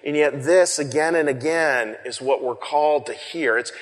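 A man preaching a sermon in a loose, conversational way, often repeating and restarting words, swinging between loud shouts and hushed whispers for effect. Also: a little high, moderate pace. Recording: long reverb of a hall.

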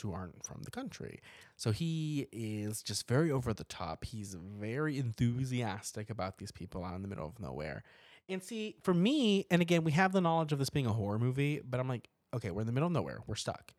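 Lively podcast co-host with a dry sound. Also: medium pitch, no echo. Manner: animated, laughs often, acts out reactions in a loud put-on voice. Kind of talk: casual chat reviewing a horror movie.

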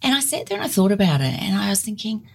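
A woman, a guest on a podcast, explaining ideas through lively personal stories. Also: mid-range voice, fast, gravelly, breathy edge. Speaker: NLP practitioner guest. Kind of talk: podcast conversation.

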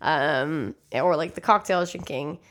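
Young woman, podcast co-host, relaxed, reflective, casual chat. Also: low voice, moderate pace.

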